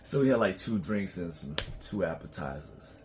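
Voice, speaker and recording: A man's voice: deep voice, lively intonation, moderate pace, background noise. A man talking casually in a loose, profane, rambling monologue to his own channel, often breaking into laughs. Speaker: vlogger.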